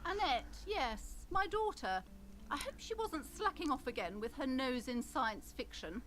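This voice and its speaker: Casting: proud bookshop owner, prim and pushy, high sing-song voice swooping widely. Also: female voice, big pitch swings, unhurried, a bit bright, slight background noise, exaggerated voice. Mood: gushing. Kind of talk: game voice acting.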